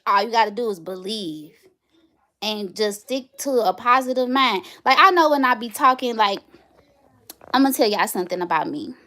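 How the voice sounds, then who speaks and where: A woman in her thirties hosting a casual livestream, chatting straight to her viewers and telling stories with animated energy. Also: on the high side, moderate pace. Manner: chatty, animated storytelling, addresses viewers directly. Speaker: livestream host.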